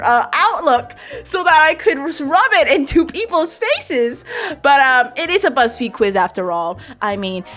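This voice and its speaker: A woman's voice: sits high, a bit bright. A young woman vlogging her reactions to a quiz, giggly, rambling and jokey. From United States. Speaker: YouTuber and streamer. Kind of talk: casual quiz reaction vlog.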